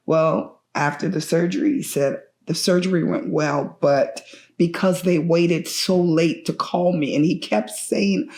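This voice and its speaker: A woman's voice: fairly low pitch, a little mellow, reverberant. Grieving middle-aged mother telling her story. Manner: earnest, halting with grief, voice breaking at times. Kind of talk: emotional personal testimony.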